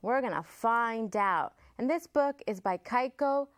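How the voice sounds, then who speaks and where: A woman librarian leading a children's storytime, slow, expressive and singsong. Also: on the high side, no room sound.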